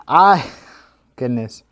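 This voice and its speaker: A man, co-hosting a podcast and telling a long story in a casual, animated way with lots of restarts. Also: mid-range voice. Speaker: podcast co-host. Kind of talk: casual chat.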